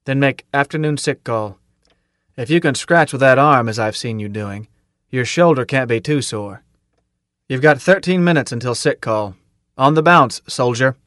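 A man voicing a gruff army captain who barks clipped orders. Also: mid-range voice, moderate pace, fairly bright tone, no echo, clean studio sound, natural voice. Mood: barking. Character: gruff barking army captain, commanding officer.

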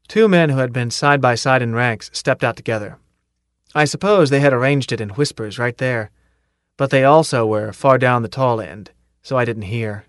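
A man narrating an audiobook in a measured first-person storytelling manner. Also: mid-range voice, smooth, no echo, studio quality.

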